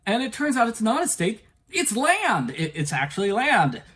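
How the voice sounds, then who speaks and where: A man's voice: high voice, wildly swooping pitch, moderate pace, fairly bright tone. A man giving a casual spoken book review. He stammers, repeats words and chuckles between points.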